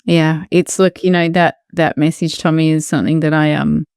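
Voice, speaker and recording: A woman's voice: deep voice, flat delivery, moderate pace, clean tone, dry recording, clean studio sound. Empathetic woman podcast host. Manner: warm, empathetic, reflective. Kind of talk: casual conversation.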